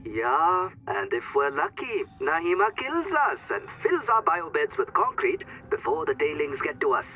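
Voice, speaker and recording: A man's voice: a little high, very animated, a little slow, few pauses, bright, forceful tone, highs cut off, soft background music, full character voice. An actor playing a sarcastic male crew member in video game dialogue.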